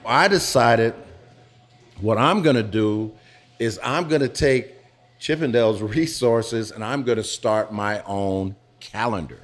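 A middle-aged man being interviewed in a pizza restaurant, telling his own story frankly with halting restarts. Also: medium pitch, animated. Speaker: interviewee, former dancer turned business owner. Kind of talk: candid personal storytelling.

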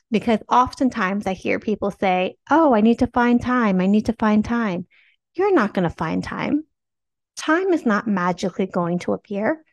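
A woman's voice: fairly high pitch, a little mellow. A young woman giving an earnest devotional teaching, speaking directly to her viewers and repeating phrases for emphasis. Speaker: Christian teacher and product seller.

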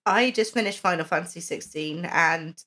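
A woman's voice: lowish voice, normal speed, pushed and bright. A woman co-hosting a podcast, chatting casually with a few fillers and hesitations. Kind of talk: casual chat.

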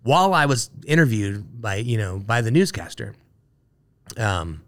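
A man's voice: on the low side, sing-song, measured pace. A man on a casual chat show, telling a long story full of asides and acted-out quotes. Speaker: guest, brewer.

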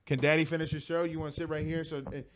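A man's voice: on the high side, little pitch movement, fast talker, slight background noise. A man hosting a casual sports talk show from home, chatty and rambling, with many restarts and fillers. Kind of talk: casual live-stream chat.

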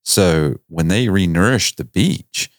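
A man's voice: low voice, expressive, slow pace, no room sound, clean studio sound. A man, hosting a podcast and telling stories in a folksy, jokey manner. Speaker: podcast host. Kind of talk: casual storytelling chat.

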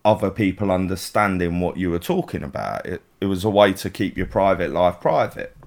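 A man's voice: low-pitched, fairly quick, gravelly. A man with a London accent co-hosting a podcast, telling a story in a chatty way and laughing easily. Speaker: podcast co-host. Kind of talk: casual storytelling chat.

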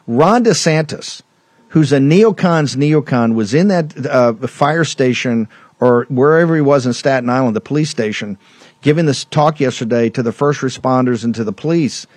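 A man's voice: mid-range voice, moderate pace, darkish tone, no echo. A man hosting a political talk show, ranting emphatically and combatively, rambling with restarts. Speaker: show host.

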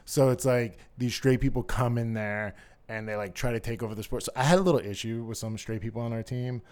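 Middle-aged guy-voiced cohost, campy and animated, laughs mid story, casual chat. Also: mid-range voice, a little fast. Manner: campy, animated storyteller calling everyone "girl"; laughs while telling stories. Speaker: podcast co-host.

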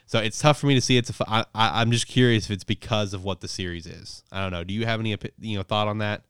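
A man hosting a casual podcast, recapping a manga chapter in a profane, rambling, animated way. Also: lowish voice, fast, smooth, no room sound, studio quality. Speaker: podcast host reviewing manga. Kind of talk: casual chat.

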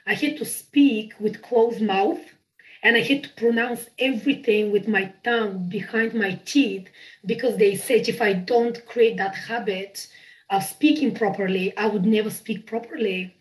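Over a video call, a woman who isn't a native English speaker chats as an improviser guest in a casual interview. Her voice is medium-pitched and she's animated and gushing, laughing often, though the recording quality is low.

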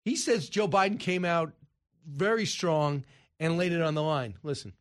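A man hosting a talk show, brisk and conversational, tossing quick asides to his guests. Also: on the high side, animated. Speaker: show host. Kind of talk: casual talk show banter.

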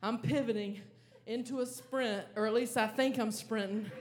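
A woman performs stand-up on a club stage, telling her story with animated energy and bursts of frantic acted-out panic. Her voice sits a little high for a woman. Live room noise and crowd ambience run steadily under her mic. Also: moderate pace. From American South. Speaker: stand-up comedian. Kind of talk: stand-up comedy set. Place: comedy club stage with audience laughter.

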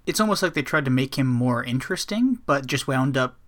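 A man's voice: medium pitch, expressive, a little fast, fairly bright tone. A man co-hosting a podcast, chatting casually about a movie with wry, profane joking asides. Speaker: podcast co-host.

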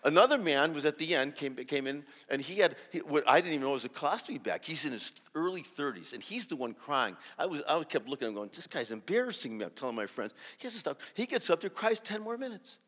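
A man giving a sermon as a guest preacher, telling a story and acting out the dialogue with lively energy and many restarts. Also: mid-range voice, fast talker, hardly any pauses, long reverb tail. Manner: animated, acts out dialogue, restarts often. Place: large church hall.

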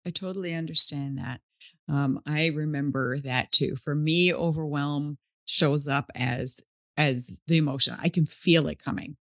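A woman's voice: sits low, unhurried, dry recording, clean studio sound. A woman hosting a podcast interview, chatty and affirming, who relates to her guest with empathy. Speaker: podcast host. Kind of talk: conversational interview.

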